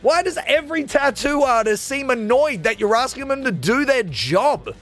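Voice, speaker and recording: High-voiced, animated male radio host. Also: moderate pace, faint music behind. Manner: animated, ranting, jokey. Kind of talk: comedic radio rant.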